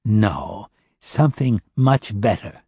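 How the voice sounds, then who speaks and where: A man's voice: fairly low pitch, lively intonation, slow pace, warm tone, breathy edge, no room sound, heavily acted. A man voicing a cruel, mocking militant leader who makes cold threats, in an audiobook reading. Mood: menacing. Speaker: captor.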